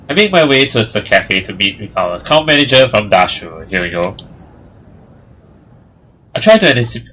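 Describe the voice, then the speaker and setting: A man's voice: fairly low pitch, pushed and bright, husky, rough recording. A young man hosting a let's play, reading the narration aloud and adding joking, sarcastic asides.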